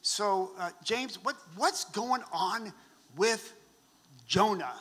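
A man preaching a sermon in a reflective, unhurried way. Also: sits high, fairly bright tone. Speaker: pastor. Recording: long hall reverb.

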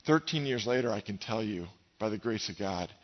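A middle-aged male pastor preaching a sermon with passion. He raises his voice for scripture quotes and drops low and soft when telling personal stories. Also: animated, brisk. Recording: dull, long reverb in a large hall.

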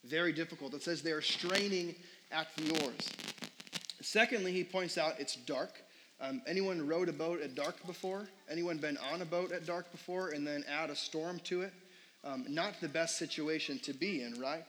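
A man's voice: on the high side, moderate pace. A young man preaching a sermon with a somewhat raised, light voice. He talks to the congregation as if chatting, dropping fillers and firing off questions. A faint hiss sits under the recording. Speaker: pastor.

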